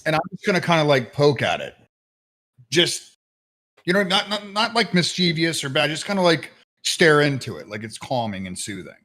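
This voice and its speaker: A man playing a tabletop game, describing his character's actions in an animated, rambling way. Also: fairly high pitch, normal speed. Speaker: player. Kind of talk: tabletop game role-play.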